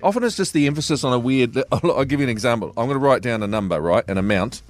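A man's voice: mid-range voice, animated, fast talker, faint music behind. A man in his forties with a New Zealand accent, co-hosting casual radio banter and playfully imitating odd pronunciations. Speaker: radio host.

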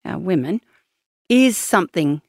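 A woman's voice: on the low side, animated, a little slow, husky, no echo, studio quality. A woman hosting a podcast, chatting casually with her guest, affirming what he says and offering advice. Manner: warmly affirming, advice-giving. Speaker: podcast host. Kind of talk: casual interview chat.

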